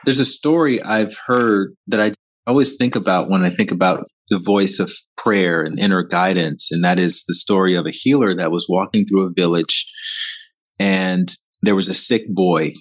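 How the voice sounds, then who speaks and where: Low-voiced male podcast host. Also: fairly even intonation, normal speed. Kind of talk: interview conversation.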